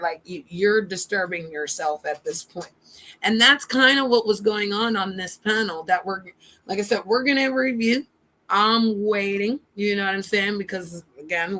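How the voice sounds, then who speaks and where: A woman's voice: medium pitch, sharp tone. A woman hosting a livestream, ranting in a blunt, profane and defiant way. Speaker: livestream host. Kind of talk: livestream rant.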